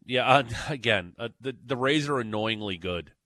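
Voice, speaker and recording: A man's voice: medium pitch, animated, normal speed, bright, forceful tone, no echo, studio quality. A man hosting a sports talk radio show, bantering with co-hosts and plugging upcoming segments in an upbeat way. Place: radio studio.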